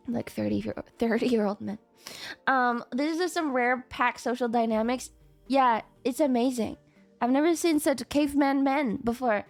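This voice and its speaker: A woman streamer chatting casually and telling stories with lively acted-out quotes and frequent laughter. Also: fairly high pitch, moderate pace, gravelly, no echo, faint music behind. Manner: animated storytelling, acts out quotes, frequent laughter. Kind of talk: casual livestream chat.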